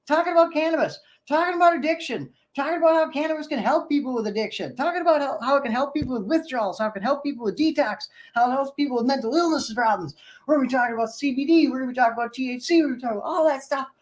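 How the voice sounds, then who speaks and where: A man hosting his own livestream, talking excitedly and rambling to his viewers. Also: very high-pitched, very fast, poor audio. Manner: hyped and pumped, loosely rambling, addresses viewers directly. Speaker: livestream host.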